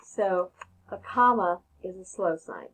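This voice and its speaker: A woman's voice: fairly low pitch, expressive, slow pace, poor audio. A woman teaching a casual grammar lesson, talking conversationally and often checking in with "okay?".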